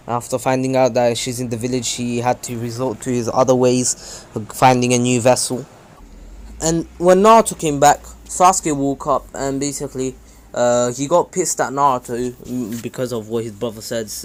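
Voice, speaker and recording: A young man narrates a fan-made story in a loose, unscripted way. His voice sits at an ordinary middle pitch. He rambles, stumbles over words and keeps correcting himself between fillers. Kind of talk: casual fan-story retelling.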